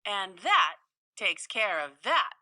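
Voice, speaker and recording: A woman voicing a fierce, protective old mother squirrel who scolds in shrill chatters. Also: very animated, takes it slowly, bright, forceful tone, dry recording, studio quality, exaggerated voice. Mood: satisfied.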